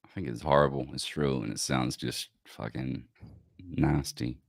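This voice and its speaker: Host: Australian man, low voice, blunt and sweary, dry close sound. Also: steady tone, unhurried, creaky, no echo. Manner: blunt, swears freely, laughs often. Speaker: podcast host. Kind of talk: casual podcast chat.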